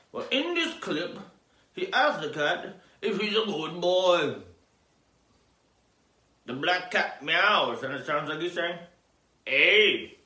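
A man hosts a rambling comedic news riff with wildly lively pitch, swinging from loud outbursts to low, mumbled asides. His voice sits a little high and sounds bright and sharp. It rings in a roomy, echoey space.

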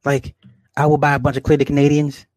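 A man's voice: fairly high pitch, completely flat delivery, quick pace, a little mellow, no echo, clean studio sound. Rambling, profane man streaming from home. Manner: rambling, profane, laughs often, talks to viewers. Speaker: livestream host. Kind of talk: casual livestream chat, reading comments.

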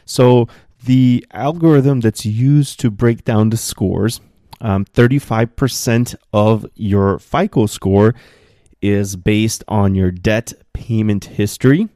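A man with a low, mellow voice hosts a solo podcast from a spare room at home. The recording is dry and close, with no room sound. He talks loosely and fills gaps with "uh" and "um", and he grows heated as he talks. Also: slow pace, no echo. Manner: animated, gets worked up, many fillers. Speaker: podcast host.

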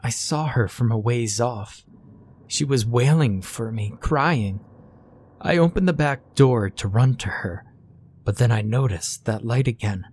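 A man's voice: mid-range voice, lively intonation, measured pace, darkish tone, husky. A man voicing a frightened, grieving mother who talks in a trembling, shaky voice, holding back tears. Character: frightened grieving mother, middle-aged woman.

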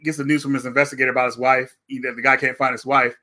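Man, podcast host, casual review chat, bright voice, animated storytelling. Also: mid-range voice, very fast. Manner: animated storytelling, acts out characters in raised voices.

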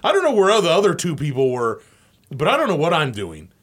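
A man on a sports talk show spins a rowdy story, his voice rising high and swinging widely as he acts out the people in it. He laughs through the telling and keeps the energy up. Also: huge pitch swings, a little fast. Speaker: sports radio co-host. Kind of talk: casual storytelling on a radio show.

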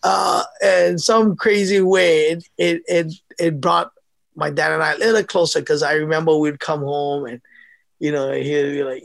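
A middle-aged man tells his stories in a casual interview. His voice sits high and carries a gravelly edge. He talks in an animated way, laughing often and acting out what others said. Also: moderate pace. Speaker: former amateur boxer, guest.

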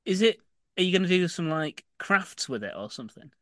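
Guy teasing his cohost, bouncy voice, a bit high, dry close sound. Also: very animated, fairly bright tone. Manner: teasing, quick reactions and laughter. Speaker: comedy podcast co-host. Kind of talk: casual chat.

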